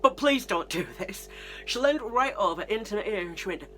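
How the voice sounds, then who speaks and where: Speaking to camera, this vlogger from Britain tells stories casually, wandering off on tangents and poking fun at herself. She has a British English accent and a mid-range, slightly bright voice that is expressive and fairly quick, with faint music in the background.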